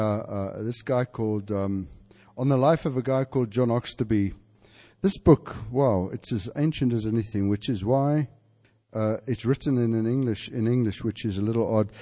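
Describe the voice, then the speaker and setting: A man preaching and telling a story to a congregation, halting with fillers and then building to fervent emphasis. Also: mid-range voice, warm tone. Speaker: pastor. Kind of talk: sermon storytelling. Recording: hall reverb.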